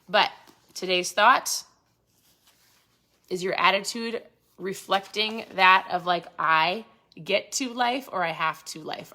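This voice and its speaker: A woman's voice: lowish voice, sharp tone. A woman hosting a lifestyle channel, chatting casually and animatedly about a motivational book. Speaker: host of a keto lifestyle channel.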